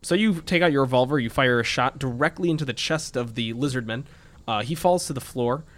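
A man's voice: medium pitch, a little fast, a bit bright. A man running a tabletop role-playing game as game master, narrating the scene in a loose, chatty way.

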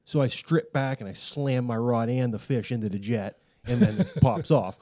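A man's voice: medium pitch, warm tone, dry recording. Man on a fishing podcast, dead dry sound, laughs a lot, tells it beat by beat. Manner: laughs often, rapid play-by-play recounting. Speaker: podcast co-host. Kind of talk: casual fishing chat.

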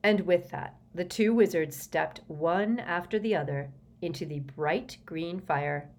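A woman reading a novel aloud as an audiobook narrator, with expressive storytelling. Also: lowish voice, measured pace. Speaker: audiobook reader.

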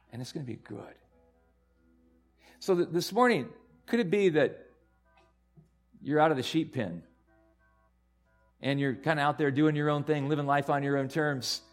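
A man preaching a sermon as pastor, earnest and repeating himself, building to loud emphatic peaks. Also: mid-range voice.

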